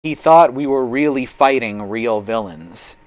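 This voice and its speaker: A man narrating a live-streamed tabletop game as game master, with measured, slow description. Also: mid-range voice.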